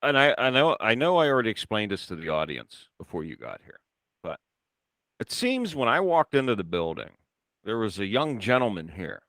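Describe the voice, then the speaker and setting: A man's voice: lowish voice, sing-song, moderate pace, a bit bright, no room sound. A man hosting a wrestling podcast in casual chat, telling stories with a teasing manner. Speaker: podcast host.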